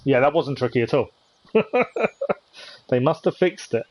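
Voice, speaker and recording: Man, husky voice, live game stream, chatty commentary, reads text aloud. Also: mid-range voice, unhurried, a little mellow, no room sound, rough recording.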